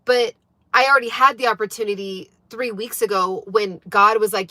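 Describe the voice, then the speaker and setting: A woman streams live to her wellness community, talking casually and earnestly. She leans on fillers and keeps checking in with her listeners. Her voice sits in a middle pitch and sounds close and dry, with no room echo. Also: steady tone, moderate pace, bright, forceful tone. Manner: earnest, emphatic, filler-heavy, often asks "right?". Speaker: wellness channel host. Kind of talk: casual livestream talk to viewers.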